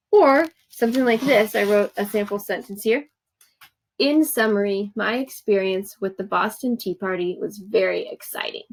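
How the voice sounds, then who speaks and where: Patient woman teacher with vocal fry. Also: medium pitch, poor audio. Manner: patient, encouraging, explains step by step with examples. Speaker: third grade teacher. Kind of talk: recorded remote lesson instructions.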